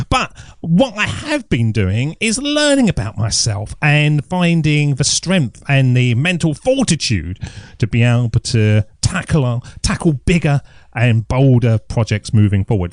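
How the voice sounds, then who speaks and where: A man's voice: medium pitch, no room sound, clean studio sound. A middle-aged man, rambling through a jokey, self-mocking podcast story. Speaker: podcast host. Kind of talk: casual solo podcast monologue.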